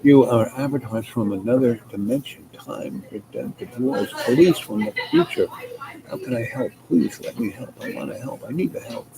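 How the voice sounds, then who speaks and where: A man's voice: mid-range voice, lively intonation, normal speed, vocal fry. A man playing an eager, bumbling small-town police officer who pleads and boasts, with a noticeable hiss behind. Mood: pleading.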